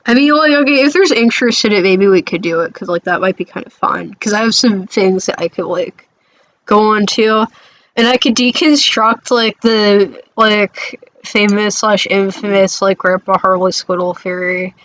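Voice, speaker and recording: A woman's voice: mid-range voice, moderate pace, a bit bright, rough recording. A woman streamer chatting casually about a game, hesitant and full of fillers, often giggling.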